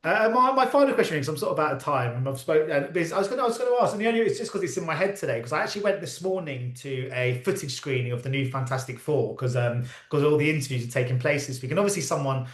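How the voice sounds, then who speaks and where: A male interviewer with a slightly high voice fires off long, rambling questions very quickly. The room gives his voice a roomy echo. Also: expressive. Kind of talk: press junket interview.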